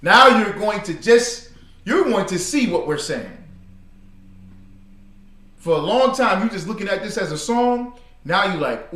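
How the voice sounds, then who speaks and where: High, expressive, and a little sharp in tone, this man's voice moves slowly with frequent pauses. He leads a religious brotherhood class casually and with slang, drawing answers from students in call and response, captured by a distant mic in a roomy space.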